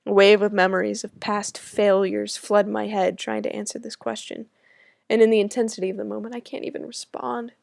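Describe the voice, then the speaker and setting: A woman's voice: mid-range voice, flat delivery, normal speed, gravelly, a little mellow, dry recording, studio quality. A young American woman from the States reading her own personal essay aloud with wry, self-mocking humor. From United States. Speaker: student writer.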